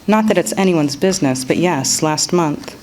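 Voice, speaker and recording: A woman's voice: sits low, expressive, normal speed, a little mellow, a little hiss or hum, poor audio. A woman voicing a guarded but witty young actress, reading a novel excerpt aloud.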